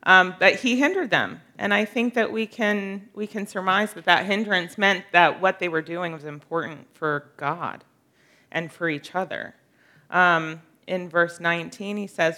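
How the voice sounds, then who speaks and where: A woman's voice: fairly low pitch, unhurried, bright, forceful tone. A woman teaching a casual Bible study, earnest and conversational, with frequent fillers and light laughter.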